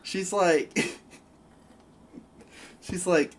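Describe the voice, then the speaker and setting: Rambling young man, slightly high voice. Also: animated, fairly quick, fairly bright tone. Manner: rambling storyteller, full of "like" and restarts, laughs a lot. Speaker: podcast co-host; grocery store worker telling a work story. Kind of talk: casual chat.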